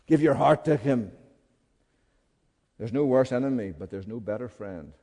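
A man preaching a sermon with passion, moving from hushed pleading to loud, urgent calls. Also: mid-range voice, animated, moderate pace. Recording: long hall reverb.

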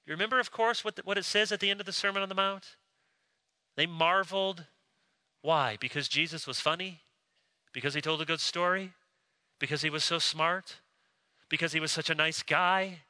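A man preaching a sermon, animated, acting out quoted voices as he explains a Bible passage. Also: a little high, normal speed, pauses often, no echo. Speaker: pastor.

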